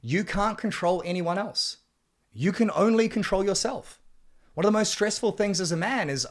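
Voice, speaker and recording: A man's voice: sits high, animated, normal speed. Blunt, swearing motivational man. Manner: blunt, swearing, preachy, surges louder on key points. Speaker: men's coach narrating his book chapter. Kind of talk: motivational self-help reading.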